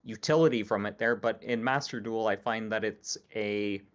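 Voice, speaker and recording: A man hosting a casual podcast chat, explaining things in a measured way. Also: on the low side, fairly even intonation, smooth. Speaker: podcast host.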